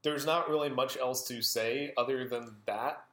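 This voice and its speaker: A man's voice: medium pitch, measured pace, fairly bright tone. A man co-hosting a podcast, chatting casually about films, enthusiastic and rambling, often laughing. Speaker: podcast co-host. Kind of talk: casual film discussion. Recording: roomy echo.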